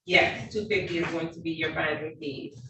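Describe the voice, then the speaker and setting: A woman judge presides over a hearing on a video call, steady and procedural in her questions. Her voice sounds roomy and set back from the microphone, with a faint hiss behind it. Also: low-pitched. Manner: measured, procedural, polite. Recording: echoey, distant, faint noise.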